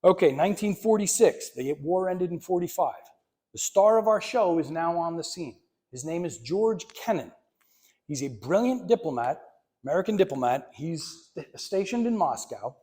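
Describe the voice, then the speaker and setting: A man's voice: a little high, animated, moderate pace, mellow. A man in his fifties giving a conversational, emphatic history lecture in a library, with wry asides. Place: library meeting room.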